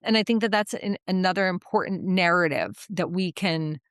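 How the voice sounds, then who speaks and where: Smooth-voiced woman podcast host. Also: on the low side, moderate pace, fairly bright tone, no room sound, clean studio sound. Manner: emphatic, affirming, frank. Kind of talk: podcast conversation.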